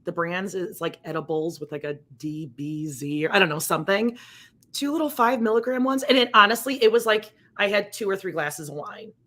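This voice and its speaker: A woman co-hosting a podcast, telling stories in a relaxed, self-deprecating way. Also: mid-range voice, a little fast. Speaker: podcast co-host. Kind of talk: casual chat.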